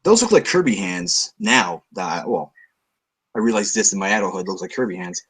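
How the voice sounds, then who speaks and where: A man from Canada chatting casually about comics, blunt and animated. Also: deep voice, a little fast, slightly rough. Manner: animated, swearing, blunt opinions. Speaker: co-host. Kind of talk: casual chat.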